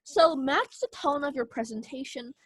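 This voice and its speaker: A woman's voice: high-pitched, normal speed. A young woman teaching an online speech class, casual with many fillers. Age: young adult.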